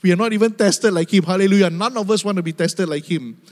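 A man's voice: sits high, fast talker, darkish tone. A male preacher delivering an emphatic, repetitive sermon, speaking directly to the church and laughing often. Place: church hall. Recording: long hall reverb.

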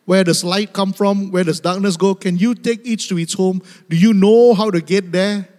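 Preacher doing God, booming almighty questioner, sarcastic, higher-pitched voice, big reverberant hall. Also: male voice, fairly even intonation, moderate pace, darkish tone, close to an everyday voice. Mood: sarcastic challenge.

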